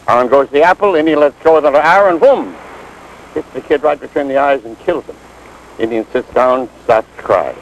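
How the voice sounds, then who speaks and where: A man telling a joke in a brisk, anecdotal way, recorded outdoors near traffic. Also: on the high side, low-quality recording. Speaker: joke teller.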